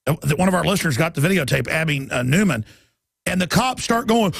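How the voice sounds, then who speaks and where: A man's voice: a little high, animated, brisk, gravelly, a bit bright, slightly rough. A man hosting a talk radio show, ranting in a heated, mocking way.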